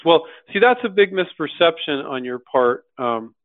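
A man hosting a live question-and-answer session, speaking bluntly and casually and acting out quoted voices with lively jumps in pitch. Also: normal speed, few pauses, no room sound. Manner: animated, acts out quoted voices, blunt and slangy. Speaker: host answering viewer questions. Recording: dry tinny phone-like sound.

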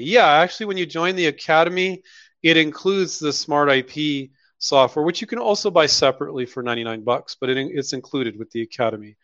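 A man's voice: on the high side, brisk, a bit bright, dry recording, dull audio. A man hosting a live question-and-answer session, talking bluntly and casually. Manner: blunt, mock-quoting others in put-on voices. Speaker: host answering viewer questions.

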